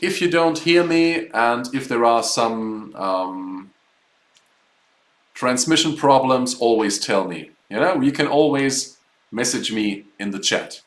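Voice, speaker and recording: A man's voice: mid-range voice, slow pace, reverberant, low-quality recording. A man teaching a live online German class, explaining words patiently step by step.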